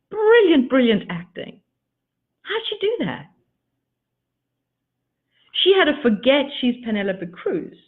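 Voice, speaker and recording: A woman giving a motivational teaching talk as a coach, with expressive emphasis and repeated words for effect. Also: a little high. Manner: addresses listeners as darlings. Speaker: spiritual coach. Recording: tinny phone-like audio.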